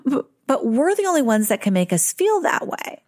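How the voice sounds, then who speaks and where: A middle-aged woman hosting a podcast, giving parenting advice in a calm, reflective way and slowing down on key words. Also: sits high, dry recording, studio quality. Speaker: parent educator and podcast host.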